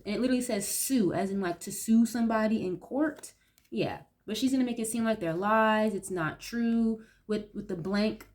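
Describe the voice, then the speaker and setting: A young woman doing a casual tarot reading, reacting aloud to each card with blunt, profane commentary. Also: fairly high pitch. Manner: blunt, swears freely, reacts aloud to the cards. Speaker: tarot reader.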